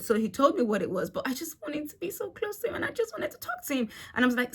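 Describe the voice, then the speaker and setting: A young woman telling a storytime vlog in a chatty, animated way, swearing freely. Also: high-pitched, very fast, few pauses, breathy edge. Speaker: vlogger. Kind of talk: casual storytime.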